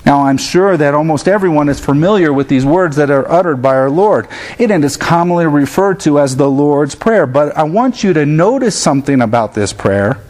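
Pastor in his thirties, earnest sermon delivery, slightly raised pitch, slips into his kids' voices for examples. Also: animated, normal speed, hardly any pauses, darkish tone. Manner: earnest preaching that puts on his children's voices in quotes.

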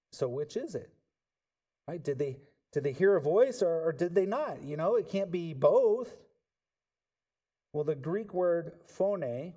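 A male preacher delivers a sermon in a slightly high yet warm, mellow voice. He rises to loud, emphatic peaks and then sinks into quiet, low asides. He keeps turning to the congregation with rhetorical questions.

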